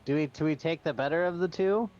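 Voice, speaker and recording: A man's voice: on the high side, fast, darkish tone, lo-fi sound. A man playing a scheming cat in a tabletop game, theatrical and mock-sinister. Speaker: player.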